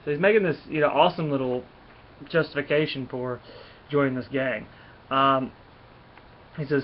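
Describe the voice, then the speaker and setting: A man's voice: medium pitch, steady tone, moderate pace, pauses often, slight background noise. A man giving a casual, rambling comic book review, full of fillers and restarts. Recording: dull lo-fi recording.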